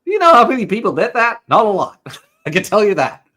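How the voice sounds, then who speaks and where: A man's voice: high-pitched, wildly swooping pitch, a little fast, bright, forceful tone. A man from the Netherlands, a guest coach, telling self-mocking stories in casual chat with swearing and laughter.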